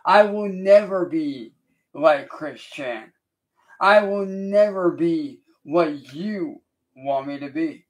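Male livestreamer, fairly high voice, slow defiant lecture. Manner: slow, deliberate, repetitive lecturing; confrontational, defiant. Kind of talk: livestream rant addressed to a critic.

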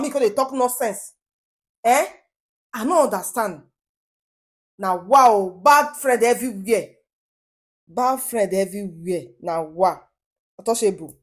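A woman vlogger speaks with a Nigerian Pidgin accent, her voice sitting a little high. She scolds and lectures in animated bursts, often repeating her words for emphasis. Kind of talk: commentary vlog in Pidgin English.

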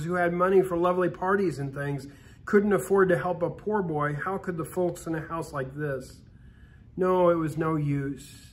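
A man reading a Christmas story aloud for a church, steady, with small restarts. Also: high-pitched. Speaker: story reader.

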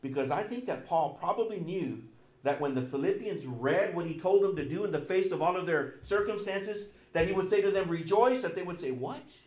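A middle-aged man preaching a sermon as pastor, emphatic and repetitive, swinging between loud and soft. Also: sits high, a little fast, echoey room.

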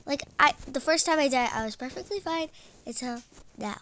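A young woman giving casual commentary on her gameplay, often frustrated, exclaiming loudly, then dropping to whispers. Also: sits high, expressive, moderate pace, background noise. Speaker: gaming vlogger.

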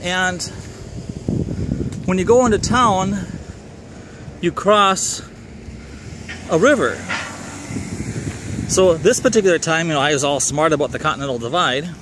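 A middle-aged man with a Minnesotan accent tells a personal story in a loose, rambling way, often backing up to correct himself. His voice sits a little high for a man and carries a wry edge. Faint traffic and outdoor ambience hum behind him. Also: unhurried, long pauses.

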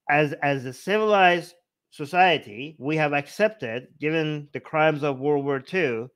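Loose and sarcastic, a podcast co-host with a slightly high voice riffs on scripture. He's animated, often stopping to restart his sentences and slipping into mocking paraphrases.

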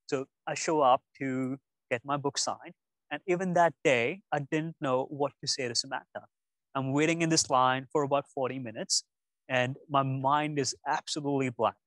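A young man gives a casual talk to young students, telling stories in an animated way to a room. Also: medium pitch, no room sound, low-quality recording. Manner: animated storytelling. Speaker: speaker at a youth session. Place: room with an audience.

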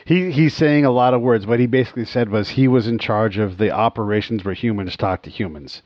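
A man hosting a podcast, telling stories in an animated, casual way and laughing often. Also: lowish voice, brisk, no echo. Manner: animated, laughing, breaks into quoted voices. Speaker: podcast host. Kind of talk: casual storytelling. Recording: dry, dull lo-fi sound.

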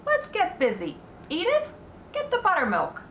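A woman voicing a cheerful middle-aged farmer with a brisk, hearty manner in a roomy echo. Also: very high-pitched, wildly swooping pitch, a little hiss or hum, pitched above the performer's own voice, heavily acted.

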